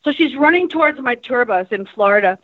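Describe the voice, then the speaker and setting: High-voiced blunt woman, lo-fi. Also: a little fast, no echo. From New Jersey. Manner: blunt, profane, animated storyteller. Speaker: guest musician. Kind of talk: candid storytelling.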